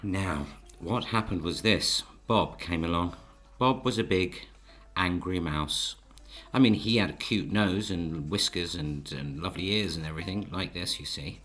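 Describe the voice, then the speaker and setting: A man gently narrating a children's story while he draws the pictures, and he often talks to the audience. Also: low voice, unhurried. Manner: gentle, coaxing, speaks to the audience.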